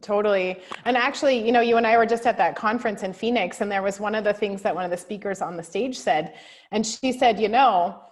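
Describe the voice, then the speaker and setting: A woman's voice: mid-range voice, brisk. A woman co-hosting a casual talk show, teasing her partner, laughing often, and turning reflective when she talks about her own experience. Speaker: podcast co-host, nurse. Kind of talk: casual chat.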